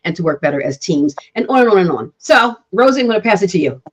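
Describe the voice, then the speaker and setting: A woman co-hosting a casual panel chat, encouraging and quick to affirm others. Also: mid-range voice, sing-song. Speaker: co-host.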